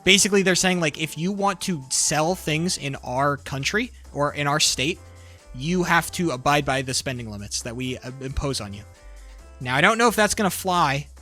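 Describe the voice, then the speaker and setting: A man's voice: fairly high pitch, sharp tone. A man livestreaming, ranting about politics in a profane, heated, rambling way. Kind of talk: casual political rant while gaming.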